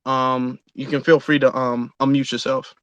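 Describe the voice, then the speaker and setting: A man's voice: medium pitch, level tone, moderate pace, fairly bright tone, no echo, dull audio. A man co-hosting a live audio chat room, agreeing bluntly and inviting the next speaker.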